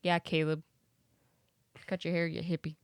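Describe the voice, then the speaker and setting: A woman co-hosting a podcast, chatting casually about a movie with quick, profane quips and frequent laughter. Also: lowish voice, level tone, clear, resonant tone, no echo, clean studio sound. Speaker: podcast co-host. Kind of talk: casual movie recap chat.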